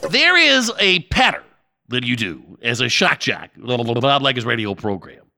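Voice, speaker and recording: Hammy man swinging between growl and shout. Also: medium pitch, sing-song, moderate pace, slight background noise. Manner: hammy, over-the-top. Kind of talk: comic radio-host parody.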